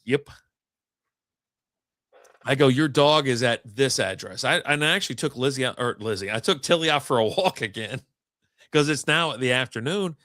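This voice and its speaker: A man's voice: medium pitch, lively intonation, normal speed, long pauses, pushed and bright, no echo, studio quality. A man hosting a casual podcast chat, telling a long story with lots of swearing and acted-out quotes. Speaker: podcast host.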